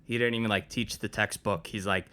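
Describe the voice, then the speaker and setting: A man's voice: lowish voice, fairly even intonation, fairly quick, bright, forceful tone. A man co-hosting a comedy podcast, chiming in with teasing quips and short stories. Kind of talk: casual comedic chat.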